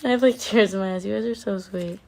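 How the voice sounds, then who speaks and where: Woman with heavy vocal fry. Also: medium pitch, fast talker, darkish tone. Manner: chatty and affectionate, casually swearing. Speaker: livestreamer answering fan comments. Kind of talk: casual livestream chat.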